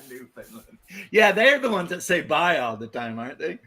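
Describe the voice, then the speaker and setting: A man from the United States trading jokes on a casual podcast. His voice is bright and forward with a husky edge. He teases and provokes, laughing easily. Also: fairly high pitch, sing-song, normal speed. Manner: teasing, laughs often, mock-provocative.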